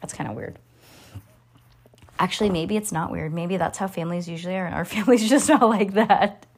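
A woman's voice: on the low side, brisk, darkish tone, slightly rough. A woman in her thirties, a mother hosting a podcast, chatting with her child and reading a children's book aloud in a giggly, talkative way.

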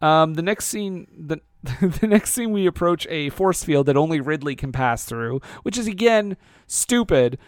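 A Canadian man co-hosting a casual comedy podcast about a movie, recapping scenes with quick quoted asides and frequent laughs. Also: fairly high pitch, lively intonation, clear, resonant tone, dry recording, clean studio sound. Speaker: podcast co-host.

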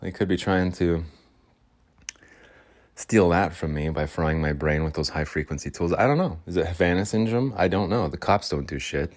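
With a deep voice at normal speed, a man hosts a solo podcast, rambling along in a meandering monologue full of chuckling, self-mocking asides.

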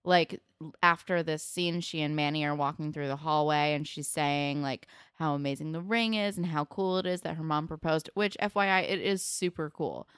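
A young woman casually recapping a TV episode, chatty and quick to swear, acting out characters' lines. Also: low-pitched, clean tone, no room sound, clean studio sound. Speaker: podcast co-host.

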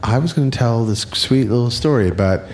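A man's voice: medium pitch, animated, a little fast, a little mellow, a little hiss or hum. An American man co-hosting a comedy podcast, riffing and joking in loose, casual banter. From United States. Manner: jokey, riffing, often laughing and doing silly voices. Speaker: podcast co-host.

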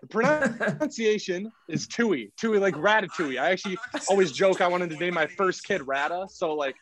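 A man's voice: sits high, animated, moderate pace, fairly bright tone. A man who trades, talking as a podcast guest in an easygoing casual chat and laughing often.

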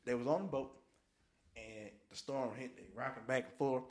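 A man's voice: mid-range voice, normal speed. A man co-hosting a casual podcast, telling Bible stories animatedly and acting out voices. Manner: animated storytelling, acts out voices and shouts. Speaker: podcast co-host. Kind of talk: casual faith chat.

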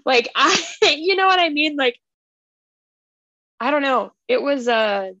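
A woman's voice: high-pitched, lively intonation, a little slow, sharp tone, dry recording, highs cut off. A woman hosting a book club podcast, casually retelling a plot in a rambling, filler-heavy way.

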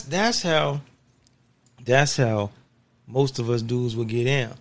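A man's voice: mid-range voice, takes it slowly, faint music behind. A man from California hosting a podcast, telling stories in casual slang and laughing as he goes. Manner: laughs through stories, slangy, keeps saying "you know what I'm saying". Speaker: podcast host. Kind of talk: casual storytelling chat.

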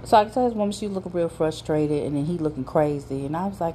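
A woman telling a casual storytime on her podcast, animated and slangy, laughing and incredulous as she goes. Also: deep voice, fast talker, hardly any pauses, slight background noise.

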